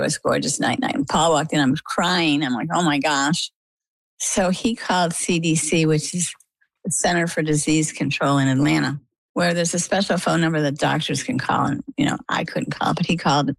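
An older woman recounting a personal story in an interview, animated and full of quoted dialogue. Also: sits low, vocal fry, breathy edge, no room sound, poor audio. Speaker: interview guest. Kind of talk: conversational storytelling. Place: lives on the coast of Maine.

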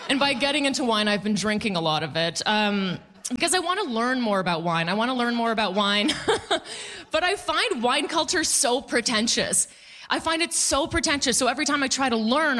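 A woman works a comedy club crowd on a handheld mic. She talks in a chatty, sarcastic way and keeps laughing at her own lines. Her voice sits a bit high and sounds bright and forward. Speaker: stand-up comedian. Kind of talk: stand-up comedy set. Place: comedy club stage before a live audience.

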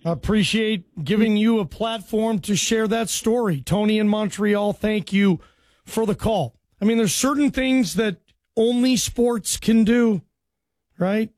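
A man's voice: high-pitched, measured pace, darkish tone, dry recording. A man hosting a sports radio call-in show, friendly and chatty, thanking callers and asking his crew questions. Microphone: studio microphone.

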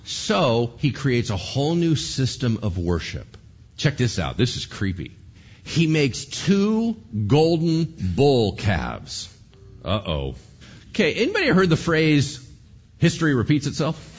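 Lively, husky-voiced male preacher. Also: mid-range voice, a little slow, dull audio. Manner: animated, conversational, acts out quotes, asks the audience questions. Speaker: pastor. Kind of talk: sermon.

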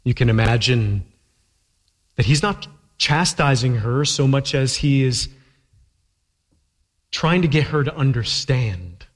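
A man's voice: mid-range voice, animated, slow, long pauses. Emphatic male preacher in a reverberant hall. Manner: emphatic, uses rhetorical questions. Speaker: pastor. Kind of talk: sermon. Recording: long reverb of a large hall.

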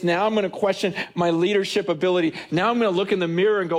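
A male pastor preaching with a fairly high voice. He talks earnestly and conversationally in front of his congregation and stumbles over repeated words now and then. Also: steady tone, fast talker, few pauses. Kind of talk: sermon.

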